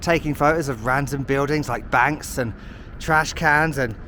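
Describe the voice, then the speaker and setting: A man's voice: medium pitch, measured pace, pushed and bright, a little hiss or hum. A British man narrating a walking travel vlog outdoors on city streets, chatty and self-mocking with sarcastic asides. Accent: British English. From United Kingdom. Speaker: travel vlogger.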